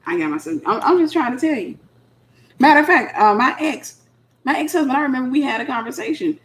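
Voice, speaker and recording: A woman's voice: sits high, animated, a little fast, a little hiss or hum. A middle-aged woman, preaching informally to single women in a blunt, sassy way and acting out the voices she quotes. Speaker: minister speaking to single women.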